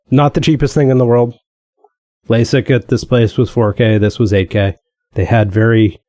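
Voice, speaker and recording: A man's voice: mid-range voice, darkish tone, no room sound, clean studio sound. A man co-hosting a podcast in casual chat, rambling with lots of "like" and frequent laughs. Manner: rambling, laughs often, many fillers. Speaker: podcast co-host.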